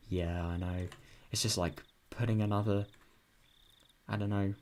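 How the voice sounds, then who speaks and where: British man reading and reacting, lowish voice. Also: fairly even intonation, measured pace, long pauses, darkish tone, a little hiss or hum. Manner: chatty, swears often, reacts with sudden bursts. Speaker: video novel reader. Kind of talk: reading a visual novel aloud with casual commentary.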